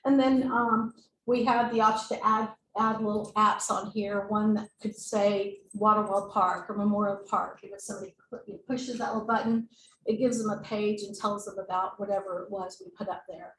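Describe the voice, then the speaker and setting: A woman's voice: medium pitch, steady tone, moderate pace, fairly bright tone. A woman giving a presentation at a board meeting, informal, with fillers and self-corrections. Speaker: staff member presenting to a board. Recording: echoey room mic, faint noise.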